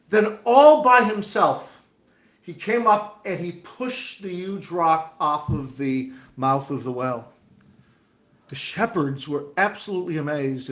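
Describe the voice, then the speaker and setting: A man telling a story gently to a group over a video call. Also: fairly high pitch.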